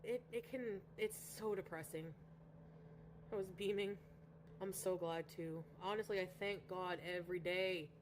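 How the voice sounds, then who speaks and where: A woman's voice: mid-range voice, steady tone, moderate pace, noisy background. A woman from Canada chatting casually on a livestream, rambling and greeting viewers by name. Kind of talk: casual livestream chat reading viewer comments.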